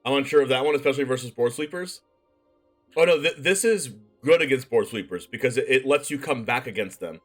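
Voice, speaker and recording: A man's voice: medium pitch, brisk, soft background music. Chatty man streaming a card-game deck build. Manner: chatty, reads card text aloud, thinks out loud. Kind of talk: casual live-stream commentary.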